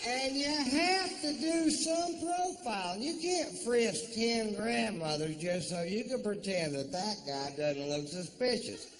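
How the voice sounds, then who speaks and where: A man doing a drawling, profane stand-up comedy routine, rising to shouted punchlines on a theater stage. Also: high-pitched, lively intonation, takes it slowly, few pauses, background noise. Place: theater stage before a live audience.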